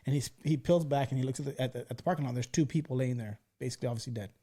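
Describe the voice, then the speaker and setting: A man's voice: mid-range voice, very fast, mellow. A man in his forties hosting a casual podcast, telling stories animatedly and swearing freely. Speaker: podcast host. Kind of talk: casual chat.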